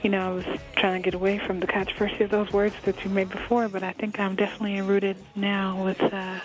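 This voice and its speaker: A woman's voice: medium pitch, level tone, quick pace, soft background music, poor audio. A woman hosting a radio interview, talking in a chatty, candid way with frequent restarts. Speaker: radio host.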